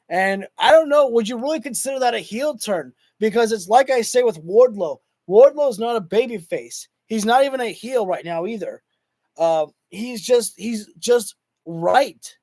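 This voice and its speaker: A man hosting a wrestling livestream who talks casually to his chat, rambling and excitable with lots of fillers, and is losing his voice. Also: high-pitched, gravelly, no room sound. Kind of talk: casual live commentary to chat.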